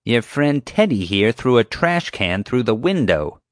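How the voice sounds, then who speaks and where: A man's voice: medium pitch, very animated, measured pace, no echo, studio quality, pitched above the performer's own voice. A man voicing a bossy, sneering female park security officer who snaps and accuses. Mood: accusing. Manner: snapping, accusing, sarcastic.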